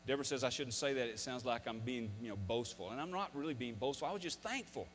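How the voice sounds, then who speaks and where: A man's voice: mid-range voice, expressive, fast talker, slight background noise. A man in his fifties, a former coach, gives a folksy, emphatic motivational talk, telling stories to an audience. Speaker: speaker, former football coach. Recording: long hall reverb.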